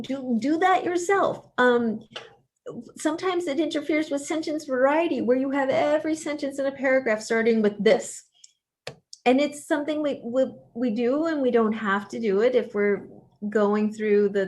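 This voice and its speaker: A woman professor gives a casual workshop lecture, pausing often with fillers and restarts. Her voice sits a little high, and her unhurried delivery turns emphatic and coaching on key points. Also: a little mellow. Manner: conversational, with frequent fillers and restarts. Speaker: professor leading a writing workshop.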